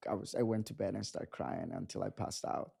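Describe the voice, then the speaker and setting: Young man, animated storyteller. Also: lowish voice, fairly quick, gravelly, slightly rough. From Mexico. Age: 20s. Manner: animated storytelling, acting out dialogue. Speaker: guest photographer. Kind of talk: casual interview.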